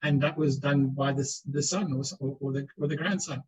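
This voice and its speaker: A man's voice: mid-range voice, fairly even intonation, a little fast, darkish tone, breathy edge, rough recording. A man speaking as a panellist on a webinar, answering questions earnestly and often repeating words as he restarts. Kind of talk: explanatory webinar talk. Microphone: video call.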